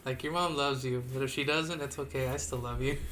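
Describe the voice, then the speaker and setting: A man's voice: mid-range voice, fairly even intonation, fairly quick, a bit bright, slight background noise. A young man co-hosting a casual podcast, telling a family story in slang with playful mimicry. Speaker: podcast co-host.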